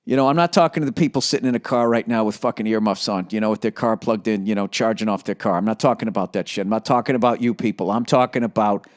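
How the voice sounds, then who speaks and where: Profane, rambling middle-aged podcast host. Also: male voice, fairly low pitch, quick pace, hardly any pauses. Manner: sarcastic, profane, rambling, self-mocking. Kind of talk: rambling solo podcast monologue.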